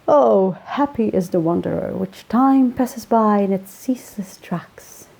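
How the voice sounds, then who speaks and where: A woman's voice: medium pitch, lively intonation, a little slow, vocal fry, darkish tone. A woman playing a posh, flowery Englishman. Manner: grandiose, old-fashioned phrasing. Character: posh young Englishman, Eton-schooled, flowery.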